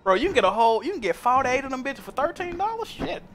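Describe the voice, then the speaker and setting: A young man streaming a game, telling stories in animated, profane slang. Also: very high voice, fast, soft background music. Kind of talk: casual chat while gaming.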